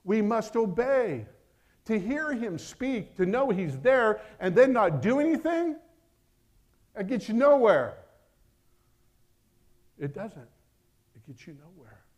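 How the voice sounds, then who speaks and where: A middle-aged pastor preaches a sermon emphatically, his slightly high voice swinging between loud declarations and hushed asides.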